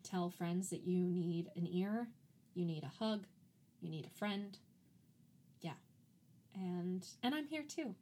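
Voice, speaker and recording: A woman's voice: lowish voice, slow pace, long pauses, mellow. Chatty woman podcast co-host. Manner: chatty, frequent "like" fillers, laughs easily. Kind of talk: casual chat.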